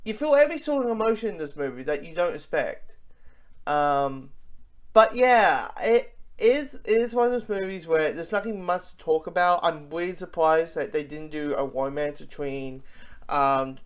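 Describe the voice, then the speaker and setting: A casual movie reviewer talks with real enthusiasm, starting a thought, dropping it, and starting again. Fillers and restarts run all through the delivery, which has a middle pitch. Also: normal speed. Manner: rambling, with many fillers and restarts.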